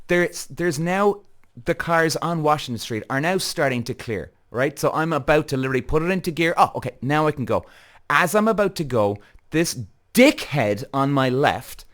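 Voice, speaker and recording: An Irish podcast host launches into an animated storytelling rant, telling a heated story straight to his viewers and swearing freely. His voice is on the high side and a bit bright.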